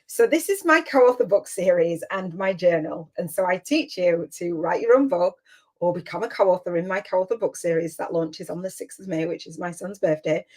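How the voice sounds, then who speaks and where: A middle-aged woman, coaching over a video call. Her voice sits a little low. She talks in a warm-hearted, rambling way, often restarting her sentences. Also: moderate pace. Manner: chatty, emotional, rambling with frequent restarts. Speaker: business coach and host. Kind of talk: casual online coaching session.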